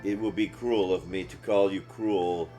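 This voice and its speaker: A man doing a soft-spoken weary protector. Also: low-pitched, fairly even intonation, measured pace, soft background music, voice pushed down. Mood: tender farewell. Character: gentle, self-sacrificing male protector, weary.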